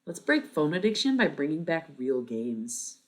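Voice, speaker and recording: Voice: mid-range voice, big pitch swings, moderate pace. A streamer around thirty chatting casually with viewers, thinking aloud and swearing freely. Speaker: live streamer.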